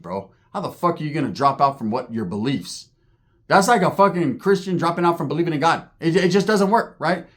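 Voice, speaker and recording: A middle-aged man tells a story in a loose, profane, conversational way. His voice sits a little high for a man, and he slips into the voices of the people he quotes. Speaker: storyteller guest. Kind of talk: casual storytelling.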